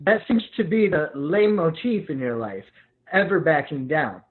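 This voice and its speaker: A needling, sarcastic young clerk who lectures his friend, read by a man. His voice sits high and bounces around, and it comes through a tinny, phone-like line. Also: very animated, moderate pace. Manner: teasing, lecturing. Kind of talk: live script reading.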